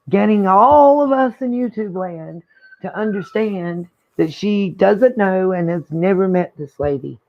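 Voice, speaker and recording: A woman hosting a reaction channel, chatting in a casual, opinionated way and thinking aloud as she comments on a clip. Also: fairly low pitch. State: hiccuping. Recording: dull lo-fi sound.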